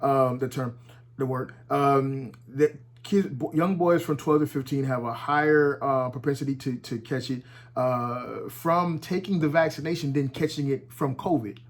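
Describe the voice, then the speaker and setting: A man giving casual, animated commentary at home, talking with heavy profanity and frequent restarts. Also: medium pitch, normal speed. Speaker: commentary vlogger. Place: at home with his dog nearby.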